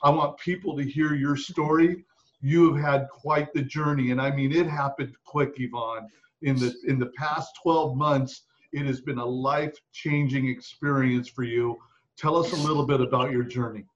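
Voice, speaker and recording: A man's voice: mid-range voice, steady tone, moderate pace. Earnest male host, lo-fi audio. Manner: earnest, prompting questions. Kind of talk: casual interview talk. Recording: dull lo-fi audio.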